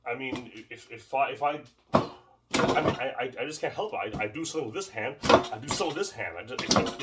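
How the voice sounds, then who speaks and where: A man's voice: medium pitch, recorded from a distance, very noisy. A man teaching martial arts drills in a casual, rambling way, often repeating words as he demonstrates. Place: home training space.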